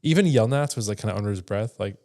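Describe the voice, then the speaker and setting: A man's voice: lowish voice, expressive, quick pace, a little mellow. A young man co-hosting a podcast, chatting casually and rambling with frequent restarts. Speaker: podcast co-host. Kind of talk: casual chat.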